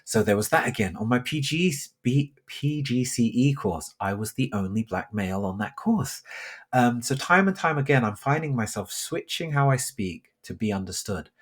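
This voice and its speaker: A young man from London, a geography teacher talking as a podcast guest, speaking deliberately with careful pronunciation. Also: mid-range voice, lively intonation. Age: young adult. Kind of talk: casual conversational interview.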